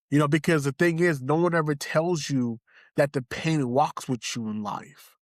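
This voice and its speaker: A man's voice: a little high, normal speed, dry recording, studio quality. A young man from Haiti, a podcast guest, giving an earnest, emotional personal testimony and repeating phrases for emphasis. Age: young adult.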